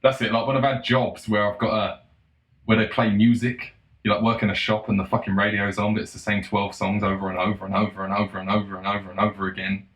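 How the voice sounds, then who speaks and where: A man in a casual monologue, profane and sarcastic, breaking into mocking shouts. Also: on the low side, level tone, fast talker. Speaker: solo commentator. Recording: roomy echo.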